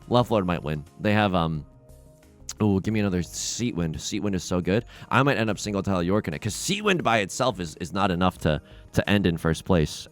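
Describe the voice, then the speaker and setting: A young man giving casual, self-mocking commentary while playing a tile game, often swinging into loud groans. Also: fairly low pitch. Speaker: streamer playing mahjong. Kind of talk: casual let's-play commentary.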